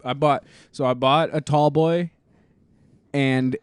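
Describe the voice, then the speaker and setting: A man's voice: mid-range voice, steady tone, slow, smooth, no room sound, studio quality. A young man co-hosting a casual podcast chat, joking and laughing often. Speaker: podcast co-host.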